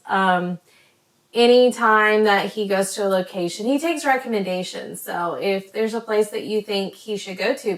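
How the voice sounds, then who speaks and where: A woman chatting to her camera as a vlogger, rambling with many ums and tripping over words when she talks fast. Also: mid-range voice. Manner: says she stutters when talking fast. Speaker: vlogger recommending creators. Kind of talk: casual chat to camera.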